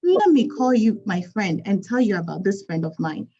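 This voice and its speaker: A woman's voice: mid-range voice, very animated, moderate pace, dark tone, lo-fi sound. A woman putting on a Ghanaian accent to voice a chatty, helpful friend, with an eager, exclamatory manner.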